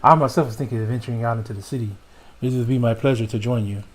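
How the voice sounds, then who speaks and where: A man's voice: lowish voice, rapid-fire, natural voice. A man putting on courtly fantasy game characters. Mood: formal. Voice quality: formal, old-fashioned phrasing. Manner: reading game dialogue aloud in a put-on accent.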